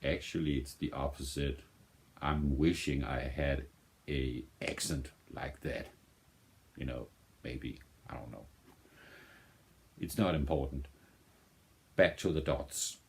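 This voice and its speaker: A man's voice: rumbling low, takes it slowly, gravelly, pauses often. A man from Denmark chatting casually in English as a non-native speaker, often restarting and searching for words. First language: Danish. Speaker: vinyl music vlogger. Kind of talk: casual rambling chat.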